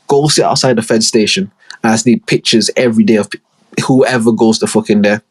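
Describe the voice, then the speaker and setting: Husky man telling a rambling story. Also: mid-range voice. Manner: rambling, profane, animated storytelling with street slang. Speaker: podcast host. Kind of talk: casual solo podcast storytelling.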